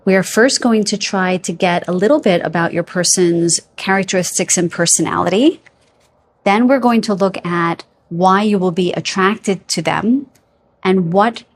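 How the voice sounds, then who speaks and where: A woman giving a pick-a-card psychic reading to camera, feeling her way through names with hesitations and gently reassuring her viewers. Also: medium pitch, a little hiss or hum. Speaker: tarot card reader.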